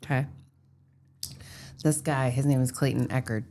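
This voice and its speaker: A woman co-hosting a podcast, setting up a story in a blunt, animated casual chat. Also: rumbling low, moderate pace, slight background noise. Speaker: podcast co-host telling a story.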